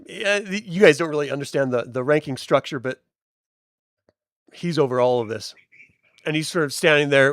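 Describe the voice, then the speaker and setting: Higher-voiced male game master, loose narration. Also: fairly bright tone, dry recording, studio quality. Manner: loose, rambling narration with many likes and restarts.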